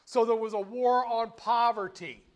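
An older man telling history in an informal, animated way, slipping into voices for the people he quotes. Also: very high voice, moderate pace.

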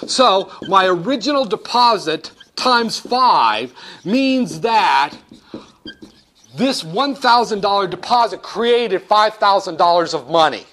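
A man lectures to a class with a light, high voice. His pitch leaps up and down as he jokes and acts out short exchanges with his students. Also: slow. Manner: animated, joking, acts out dialogues with students. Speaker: economics lecturer.

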